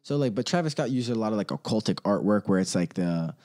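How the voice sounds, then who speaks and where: A man ranting casually on his own, rambling and profane, laughing often and quickly mimicking others. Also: fairly low pitch, lively intonation, a little mellow. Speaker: solo commentator.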